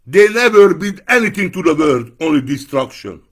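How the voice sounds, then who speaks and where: A man giving an angry, profane political rant to camera, breaking into shouted outbursts. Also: fairly high pitch, big pitch swings, normal speed.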